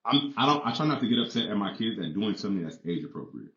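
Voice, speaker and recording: Man, low voice, rapid earnest talk, roomy echo, dull sound. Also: very animated, a bit bright. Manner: fast, earnest, explaining his views. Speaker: podcast guest, father. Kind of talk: casual conversation. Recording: echoey room, dull lo-fi sound.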